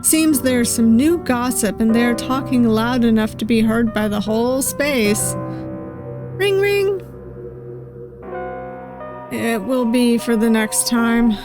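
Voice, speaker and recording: Woman, VTuber game streamer, higher voice, unhurried musing read-through over game music. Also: steady tone. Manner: musing, reads lines slowly with soft asides. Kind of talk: reading game dialogue aloud with commentary. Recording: game music playing behind voice.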